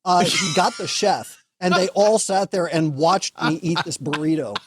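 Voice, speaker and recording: A man's voice: sits high, moderate pace, noisy background. A man, a guest on a talk show, telling a story in casual chat and acting out the lines of the people in it. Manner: animated storyteller, acts out dialogue.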